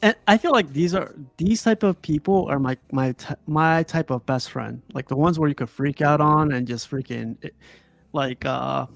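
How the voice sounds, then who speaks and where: A man's voice: on the high side, moderate pace, vocal fry, no echo. A man hosting a casual film review, talking loosely and laughing often. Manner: laughs often, rambling with fillers. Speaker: podcast host. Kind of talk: casual movie review chat.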